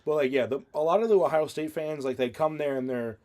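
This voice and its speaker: A man with a slightly high voice co-hosts a casual podcast chat. He tells stories in an animated way, breaking into laughter and swearing freely. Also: quick pace. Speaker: podcast co-host.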